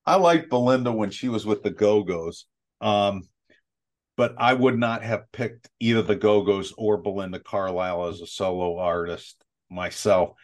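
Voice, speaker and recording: A man working as a college football analyst, talking through game plans in a relaxed, rambling way. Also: on the low side, normal speed. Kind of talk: casual sports talk.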